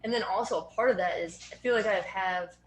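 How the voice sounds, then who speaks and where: A woman's voice: medium pitch, fast. A woman in her thirties with a Boston accent, a strength coach talking earnestly as an interview guest, with plenty of fillers. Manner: earnest, organized, frequent fillers. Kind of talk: casual interview conversation. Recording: roomy echo with faint background noise.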